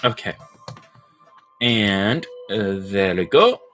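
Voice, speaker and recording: A man chatting casually on a livestream while he builds, playful and rambling, poking fun at himself as he thinks out loud. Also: on the low side, expressive, drawn-out words, soft background music. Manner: playful, rambling, self-mocking, thinks aloud. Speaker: livestreamer building brick models.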